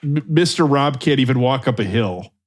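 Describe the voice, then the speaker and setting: Male podcast co-host, mid-pitched voice, quick teasing jabs in casual banter. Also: lively intonation. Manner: teasing interjections. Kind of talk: casual chat.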